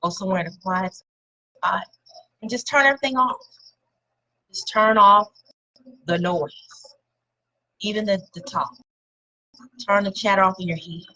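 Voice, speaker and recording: A woman's voice: mid-range voice, unhurried, pauses often, bright, forceful tone, dull audio. A woman giving a casual motivational talk to her viewers, encouraging and conversational, leaning on repeated words for emphasis. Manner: speaks directly to viewers and names them.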